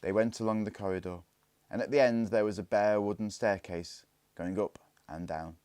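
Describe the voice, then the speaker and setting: A man reading a children's storybook aloud, calm and hushed in tense parts. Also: on the low side, moderate pace, smooth, no echo. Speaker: story reader. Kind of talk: storybook narration.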